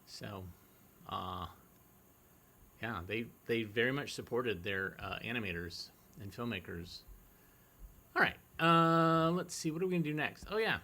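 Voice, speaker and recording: A male host chatting casually between films with a bright tone. He rambles loosely, with many fillers. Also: mid-range voice, animated, measured pace. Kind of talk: casual livestream commentary.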